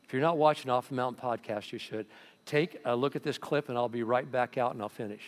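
A man's voice: medium pitch, quick pace. A male pastor preaching a sermon, telling stories and acting out the voices in them. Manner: storytelling, animated, acts out voices.

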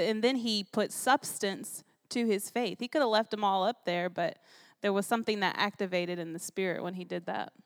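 A woman's voice: mid-range voice, a bit bright. Earnest woman reflecting in church. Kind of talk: sermon reflection.

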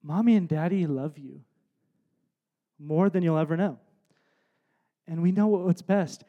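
A man in his thirties preaching a sermon from a stage, telling a family story with soft asides and loud emphatic bursts. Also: high voice, highs cut off. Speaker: pastor. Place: stage before a congregation.

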